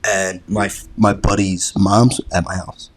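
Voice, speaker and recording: A young man, a college athlete, telling a personal story to a podcast host in a relaxed, rambling way, swearing freely and filling with "like". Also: low-pitched, measured pace. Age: young adult. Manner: laid-back, rambling, swears freely, fills with "like". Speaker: podcast guest, college lacrosse player. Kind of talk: casual storytelling chat.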